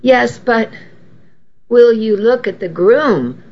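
A woman's voice: on the high side, slow. A woman voicing a prim, gossipy older lady who disapproves of young people. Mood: disapproving. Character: prim older lady on a nursing home porch. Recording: dull, faintly noisy recording.

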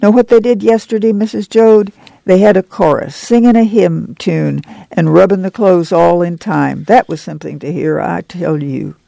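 Friendly, plainspoken camp manager, voiced by a man, storybook reading, dark and dry close sound. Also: high-pitched, normal speed, vocal fry, no room sound. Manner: easygoing, plainspoken folksy talk.

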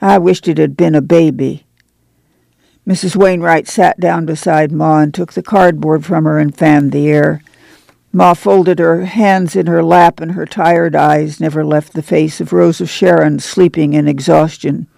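A man narrating a novel in a calm, measured reading. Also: on the high side, vocal fry, dry recording. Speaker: audiobook narrator. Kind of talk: scripted narration.

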